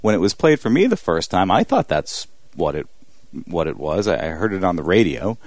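A man on a podcast panel who talks in a lively way and laughs often. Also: low-pitched, fairly quick, dry recording. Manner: lively, laughs between phrases. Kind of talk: casual panel chat.

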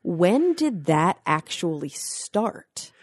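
A woman's voice: fairly low pitch, sing-song, extremely slow, no room sound, clean studio sound. A woman on a casual panel talk show, musing aloud in loosely phrased questions.

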